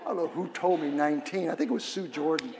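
Man, pastor, high voice, humorous call-and-response sermon, long church reverb. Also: animated, fast, vocal fry, crowd noise. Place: church sanctuary.

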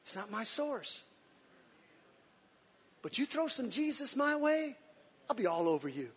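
A man preaching a sermon as pastor, animated and lively, acting out quotes with shouts and laughter. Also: very high-pitched, a little slow, long pauses, long reverb tail, a faint crowd, a little hiss or hum.

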